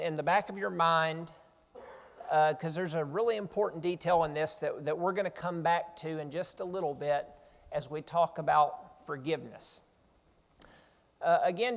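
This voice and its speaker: A high-voiced preacher with a gravelly edge reads scripture and retells the story in plain, earnest words. His voice rings out in a reverberant church sanctuary. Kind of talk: sermon with Bible reading.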